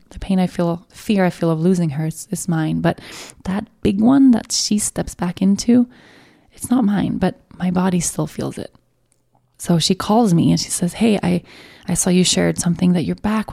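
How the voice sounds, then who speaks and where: A woman's voice: fairly low pitch, gravelly, warm tone. A young woman hosting a podcast, telling an emotional, confessional personal story, swearing and trailing off as she goes. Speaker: podcast host.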